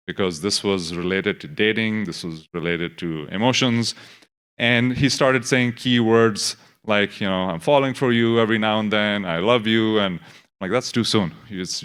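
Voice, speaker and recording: A man's voice: on the low side, a bit bright. A man giving a live conference talk, telling a real case in a casual storytelling way with quoted asides. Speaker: conference presenter. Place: conference stage.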